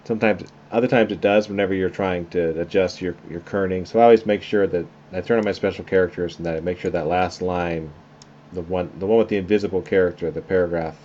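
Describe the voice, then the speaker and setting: A man teaching a class through a software tutorial, talking casually and thinking aloud as he works. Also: low voice. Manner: relaxed, conversational, thinking aloud while clicking. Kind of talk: screen-recorded software tutorial. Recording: slightly dull lo-fi sound with faint noise.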